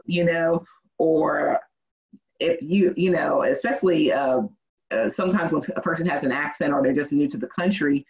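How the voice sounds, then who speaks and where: A lawyer as a podcast guest, telling lively stories and acting out what people said. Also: mid-range voice, moderate pace. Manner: animated storytelling, acts out quoted voices, laughs often. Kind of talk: casual interview. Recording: dull, muffled sound.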